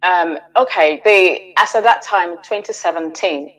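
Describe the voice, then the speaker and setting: A middle-aged woman as a radio interview guest, giving a measured, hesitant personal account with frequent restarts and fillers. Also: lowish voice, rough recording.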